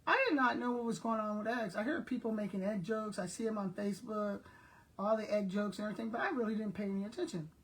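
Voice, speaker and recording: A woman's voice: mid-range voice, quick pace. An older woman from South Texas talks casually to her viewers, a retired principal who tells rambling everyday stories. Her voice sits in an ordinary middle range and she speaks to the audience directly and familiarly. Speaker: retired school principal vlogger. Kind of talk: casual chat.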